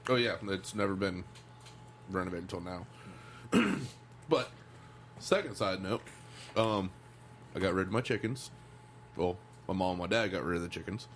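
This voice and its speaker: Laid-back low-voiced man telling stories. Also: animated, normal speed, pauses often, slight background noise. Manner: laid-back storytelling, swears, hesitant fillers. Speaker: podcast co-host. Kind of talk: casual podcast chat.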